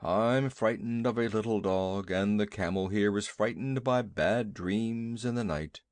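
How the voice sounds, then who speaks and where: A man's voice: lowish voice, measured pace, darkish tone, no room sound, voice pushed down, lightly acted. A man voicing a huge, timid, fussy male elephant that blusters and grumbles. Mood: pompous.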